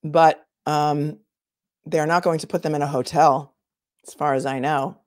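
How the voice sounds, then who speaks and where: A woman's voice: deep voice, steady tone, measured pace, a little mellow, dry recording, clean studio sound. A woman attorney hosting a casual livestream, chatting and answering viewer comments as she thinks aloud.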